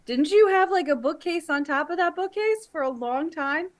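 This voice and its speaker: A woman player chatting and teasing during a tabletop game, quick to poke fun at herself. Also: extremely high pitch, animated. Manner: chatty, teasing, self-deprecating. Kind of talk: casual chat.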